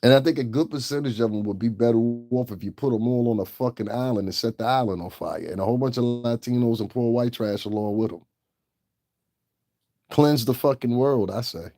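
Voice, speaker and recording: A man's voice: mid-range voice, a little fast, dark tone, dry recording, clean studio sound. A man hosting his own channel, giving blunt, profane and scornful commentary. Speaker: channel host. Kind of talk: ranting livestream commentary.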